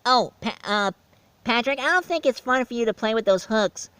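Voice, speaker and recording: A man voicing a cheerful, eager young sea sponge fry cook in a bubbly, excited cartoon voice. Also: very high voice, moderate pace, dry recording, voice pushed up.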